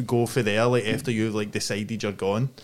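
A man's voice: lowish voice, level tone, normal speed. A Scottish man co-hosting a podcast, joking and laughing in casual chat. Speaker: podcast co-host.

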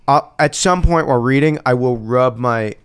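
A man's voice: mid-range voice, normal speed, smooth, no room sound, studio quality. A man in his fifties, an actor guest on a casual chat podcast, telling stories animatedly and laughing often.

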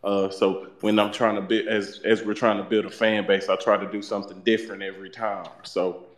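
A man's voice: lowish voice, level tone, brisk, roomy sound. A man from Dallas, Texas, a stand-up comedian guest talking in a laid-back, hesitant way with many fillers. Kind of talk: casual chat.

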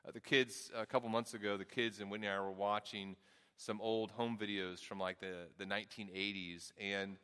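Earnest pastor with a soft Southern accent. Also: male voice, on the low side, little pitch movement, normal speed, clear, resonant tone. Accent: Southern US, softened by Midwest. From American South. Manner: earnest, repeats words while thinking aloud. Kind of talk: sermon. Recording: long reverb of a large hall.

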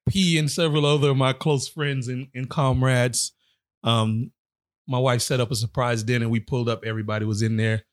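A man's voice: mid-range voice, fairly even intonation, a little fast. A man in his forties chatting casually as a co-host, teasing and laughing often. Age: 40s. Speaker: podcast co-host. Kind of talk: casual chat.

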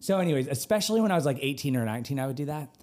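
A man from North Carolina co-hosting a podcast, chatting casually and telling stories with quick asides. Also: mid-range voice. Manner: animated storyteller, quick asides. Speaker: podcast co-host. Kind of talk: casual chat.

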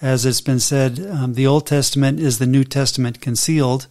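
A man co-hosts a faith podcast in a calm, even-tempered voice at a middling pitch. He reads scripture aloud steadily and explains it in a measured, unhurried teaching manner. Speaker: podcast co-host and Bible teacher. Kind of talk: casual faith podcast chat.

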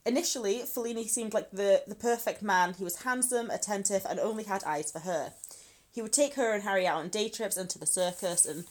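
Speaking fairly quickly at a medium pitch, a woman who lives in Scotland co-hosts a podcast. She recounts a true crime story in a chatty manner, swearing freely and breaking into frequent laughter.

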